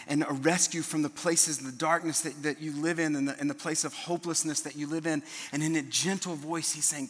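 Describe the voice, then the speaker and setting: A man's voice: mid-range voice, a bit bright, long reverb tail. A middle-aged man preaching a sermon as a pastor, earnest and often restarting his words.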